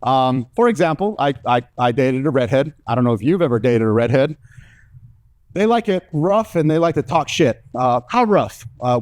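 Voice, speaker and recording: A young man from Mexico doing a stand-up comedy set on stage, telling animated stories and acting out other people's voices with big jumps in pitch. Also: normal speed. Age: young adult. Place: comedy stage before a live audience.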